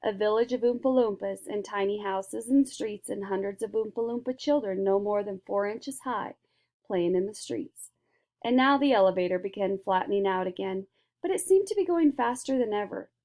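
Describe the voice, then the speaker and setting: A woman reading a children's book aloud in a lively storytelling manner. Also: medium pitch, normal speed. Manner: lively, switches into character voices. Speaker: reader.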